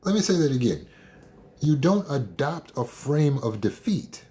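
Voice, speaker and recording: A man's voice: medium pitch, sing-song, unhurried, dark tone. A man coaching listeners through trauma recovery in a blunt, emphatic, direct motivational talk.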